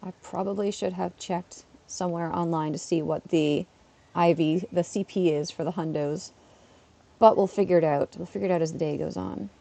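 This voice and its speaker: A woman's voice: fairly low pitch, fairly even intonation, moderate pace, vocal fry, warm tone. A woman, a schoolteacher, chatting casually on a live stream while playing, laughing often and talking back to her chat. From Canada.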